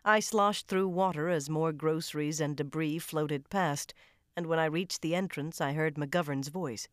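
A low-voiced woman reading a first-person thriller aloud, tense and dramatic. Her delivery is close and controlled. The recording is very dry, with no room sound. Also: measured pace, dry recording. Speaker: audiobook narrator. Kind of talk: first-person audiobook narration.

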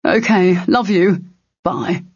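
A narrator voicing an earnest young man speaking haltingly and heartfelt through a message, in an audiobook reading. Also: mid-range voice, animated, a little mellow, breathy edge. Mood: tender. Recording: dull, slightly lo-fi dry recording.

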